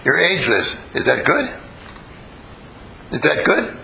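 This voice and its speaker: This group leader's voice sits on the high side, creaky and pushed bright, with huge pitch swings and a slightly slow pace. He teaches a live class interactively, telling stories while questioning and coaxing the group. Slight background noise runs through a low-quality recording.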